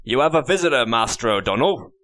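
A man's voice: mid-range voice, animated, fairly quick, a bit bright, lightly acted. A man voicing a stern jailer making formal announcements in a storybook reading. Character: stern English jailer, brisk and official.

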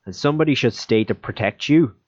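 A man voicing an excitable, loyal young rebel who speaks in urgent exclamations, recorded with a dull, lo-fi sound. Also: medium pitch, a little fast, no room sound, pitched above the performer's own voice, natural voice. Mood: insistent.

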